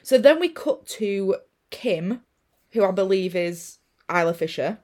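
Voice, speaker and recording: A young woman co-hosting a casual film-review chat, telling the plot in a sweary, animated way and acting out the characters' lines. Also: medium pitch, measured pace. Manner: sweary, animated storytelling with acted-out quotes. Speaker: podcast co-host.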